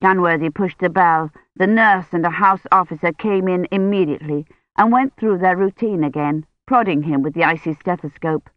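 An audiobook narrator reading a novel in a measured, even way. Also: mid-range voice, no room sound. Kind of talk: scripted narration. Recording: dull lo-fi dry studio audio.

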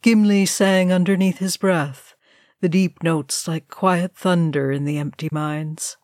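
A woman reading a chapter of a fantasy novel in calm, measured narration. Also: on the low side, no echo, clean studio sound. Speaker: audiobook reader. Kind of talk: scripted narration.

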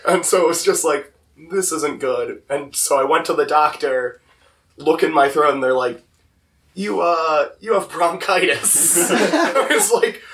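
A young man with a slightly hoarse voice, telling stories casually on a podcast with lots of "like". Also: on the high side, lively intonation, unhurried, fairly bright tone, slight background noise. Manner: rambling, lots of "like". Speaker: podcast co-host. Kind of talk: casual storytelling chat. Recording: voice distant from the mic.

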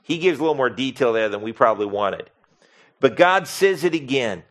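Preaching at a brisk clip, this pastor has a mid-range voice and an expressive delivery. He shifts from hushed to booming and keeps asking his congregation questions.

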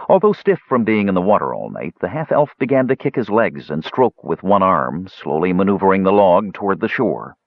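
Male fantasy narrator, low and lively, dry dull lo-fi sound. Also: no echo. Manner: expressive, measured reading. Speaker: audiobook narrator.

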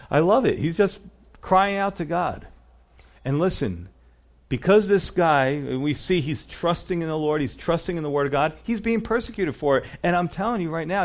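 A man preaching a sermon, earnest and emphatic, often adding "you know" and "you see". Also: a little high. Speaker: pastor.

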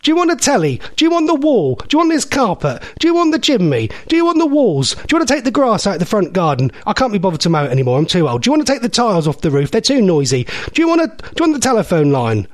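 An older grandmother, as a man puts her on fusses over her visitor, pressing food and gifts on him without pause. Her voice sits high and swings widely in pitch. The sound is close and dry. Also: wildly swooping pitch, no echo. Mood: fussing. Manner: fussing, relentlessly offering things.

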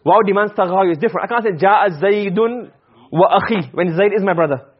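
A man's voice: high-pitched, racing, breathy edge, highs cut off. A man teaching a class, often quizzing his students and repeating his points. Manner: asks the class questions, repeats himself. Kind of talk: classroom lecture on Arabic rhetoric.

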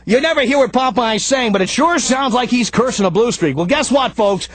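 Ranting high-voiced radio host, a man. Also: a little fast, hardly any pauses, dry recording. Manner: animated, frequently shouting in anger. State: out of breath. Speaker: radio talk show host. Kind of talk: ranting monologue.

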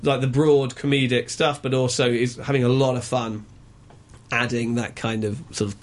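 Opinionated male film reviewer at middle pitch, casual radio chat, lots of ums. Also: level tone, moderate pace. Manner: opinionated, chatty, frequent ums and uhs.

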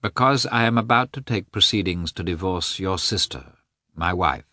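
A man voicing a cold, formal middle-aged statesman who speaks in a measured, restrained way. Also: deep voice, sharp tone, no echo, clean studio sound.

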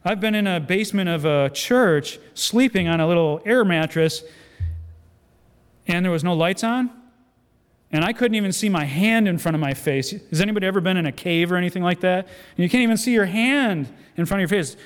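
A man preaching a sermon as a guest speaker, animated storytelling with acted-out quotes and self-deprecating humor. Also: sits high, a little fast, smooth. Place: church sanctuary. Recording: long church hall reverb.

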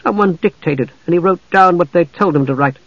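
A man's voice: high voice, brisk, no room sound, dull audio, pitched above the performer's own voice. A man reading an audiobook, voicing a grim, blunt aging half-elf husband.

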